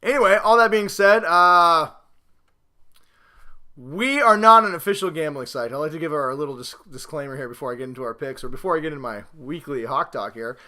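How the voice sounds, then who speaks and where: A man hosting a casual football talk show, rambling and self-mocking, swinging between loud hype and low mutters. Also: fairly quick. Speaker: podcast host.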